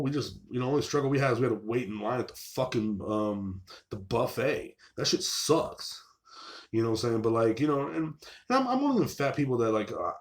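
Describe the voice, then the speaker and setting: A man talking straight to camera on his own show, rambling and cursing as he vents. He leans on sarcasm and keeps circling back with filler phrases. His voice sits at an ordinary middle pitch for a man. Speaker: show host. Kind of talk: casual monologue vlog.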